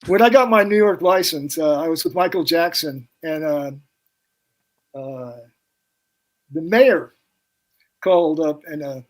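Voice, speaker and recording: A man's voice: fairly high pitch, unhurried, long pauses. An older man telling anecdotes on a podcast as a guest, rambling and acting out the people in his stories. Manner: rambling anecdotes, puts on voices for quoted people. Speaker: podcast guest, pyrotechnic technician. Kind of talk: casual storytelling.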